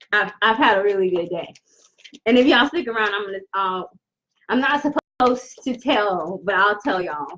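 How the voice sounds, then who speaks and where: A woman hosting a live intuitive tarot reading, talking straight to viewers in an earnest, halting way full of restarts. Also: mid-range voice, bright, forceful tone, muffled recording. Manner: halting, repetitive, with many restarts; earnest, addresses viewers directly. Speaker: tarot reader and host.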